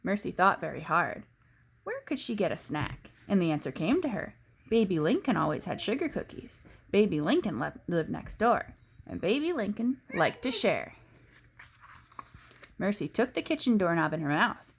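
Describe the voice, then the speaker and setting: A woman reads a children's book aloud as a teacher would, in an expressive storytelling voice. Her pitch moves a lot and keeps the story lively. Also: normal speed, a little hiss or hum.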